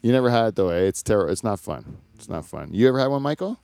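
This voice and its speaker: A man's voice: medium pitch, lively intonation, rapid-fire, darkish tone, no room sound. Rambling, crude man telling a story. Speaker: podcast host. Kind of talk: casual comedic chat.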